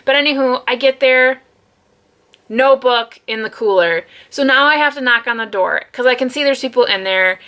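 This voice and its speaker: This book vlogger has a high, pushed, bright yet smooth voice and speaks at normal speed. In a room at home she talks casually about her books, rambling with plenty of fillers.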